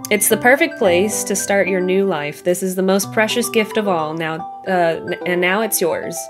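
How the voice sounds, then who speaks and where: A woman reading aloud the letter of a kindly old grandfather in a video game, gently and slowly. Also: lowish voice, over music, lightly acted. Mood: tender.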